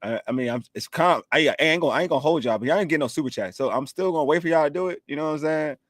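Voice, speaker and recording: A man's voice: on the high side, rapid-fire, no room sound, studio quality. A young man hosting a livestream in a laid-back, joking way, often trailing off and restarting his sentences. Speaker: livestream host. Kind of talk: casual sports talk chat.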